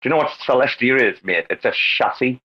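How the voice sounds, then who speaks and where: A man hosting a crypto talk space, brash and excitable, swearing constantly in casual banter. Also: medium pitch, fairly quick, husky. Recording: lo-fi online call audio.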